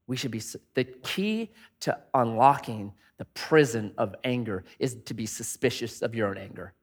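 A man's voice: mid-range voice, animated, moderate pace, husky. A man preaching a sermon in a conversational way, asking many rhetorical questions and acting out angry inner voices. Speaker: pastor.

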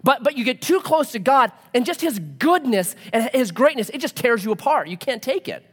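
Animated male pastor telling a story. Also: extremely high pitch, moderate pace, slightly rough. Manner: animated storytelling, acts out dialogue. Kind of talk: sermon with personal story.

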